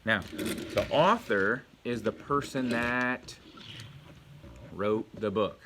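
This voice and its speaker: A man with a bright, forward voice leads a home video lesson for young children. He is patient and encouraging, quizzing the kids and praising each answer. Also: medium pitch, takes it slowly, slight background noise. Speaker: elementary school teacher.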